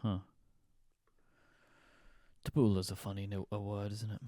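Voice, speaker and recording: A man's voice: on the low side, level tone, measured pace, warm tone, dry recording. A man co-hosting a podcast, making dry, wry comments in casual chat and reading an ad. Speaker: podcast co-host.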